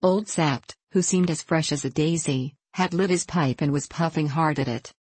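Low-voiced woman reading an audiobook. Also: darkish tone, slightly rough, no room sound. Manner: measured, storytelling delivery. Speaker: audiobook narrator. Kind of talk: audiobook reading of a classic novel.

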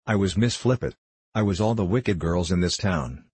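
A man with a husky voice reading the lines of an angry, defiant little girl in a storybook. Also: low voice, lively intonation, normal speed, darkish tone, no echo. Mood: furious. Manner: indignant, pleading.

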